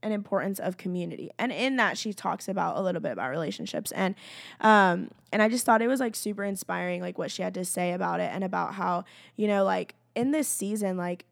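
Young woman talking about faith on her vlog, lots of "like", creaky voice, dead dry room. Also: lowish voice, fairly quick, no echo. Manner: chatty, full of "like", acts out her own prayers. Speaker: faith vlogger. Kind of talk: casual personal talk.

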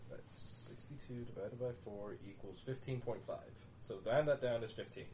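A man's voice: medium pitch, normal speed, far from the mic, noisy background. A man playing a tabletop game, chatting in an easygoing way. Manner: easygoing, laughs along. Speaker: player. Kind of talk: casual tabletop game chat.

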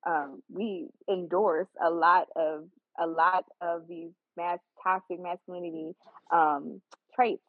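A woman from Arkansas making earnest, measured points in a casual podcast debate, often hesitating and restarting. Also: lowish voice, fairly even intonation, no room sound. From Arkansas, USA. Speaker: podcast co-host. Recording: tinny phone-like dry recording.

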